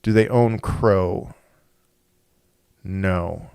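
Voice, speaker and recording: A man's voice: deep voice, drawn-out words, creaky, a little mellow, smooth, no room sound, clean studio sound. A man hosting a crypto livestream, chatting casually, thinking aloud and answering viewer comments with frequent restarts.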